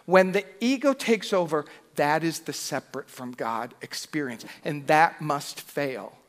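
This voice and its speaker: Storytelling pastor in a reverberant hall. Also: male voice, fairly high pitch, a little slow. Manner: storytelling, expressive, self-deprecating humor. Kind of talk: sermon. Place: church sanctuary. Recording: long reverb of a church hall.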